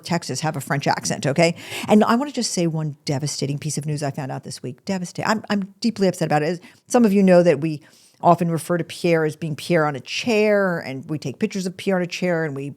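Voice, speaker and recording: Chatty, animated middle-aged woman host. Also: fairly low pitch. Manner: animated and chatty, breaks off mid-sentence. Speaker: podcast host. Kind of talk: casual chat.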